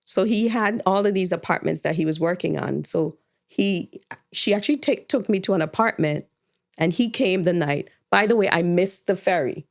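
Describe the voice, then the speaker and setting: A woman's voice: on the low side, normal speed, gravelly. A woman co-hosting a podcast, candidly retelling a personal story and acting out the dialogue. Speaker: podcast co-host.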